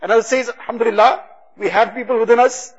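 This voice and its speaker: A man giving a religious talk, retelling stories with quoted dialogue in a husky voice. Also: extremely high pitch, fairly even intonation, fast talker. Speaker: religious speaker. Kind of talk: sermon storytelling. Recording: dull lo-fi recording.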